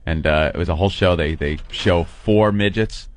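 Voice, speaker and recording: A man hosting a radio show, telling animated stories in casual banter and mimicking people as he goes, from a studio microphone. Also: low voice, normal speed. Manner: animated storyteller, mimics people mid-story.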